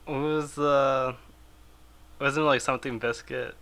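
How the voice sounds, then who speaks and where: A man's voice: mid-range voice, steady tone, unhurried, pushed and bright. A man co-hosting a podcast in casual chat, laid-back, with short replies and chuckles. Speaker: podcast co-host.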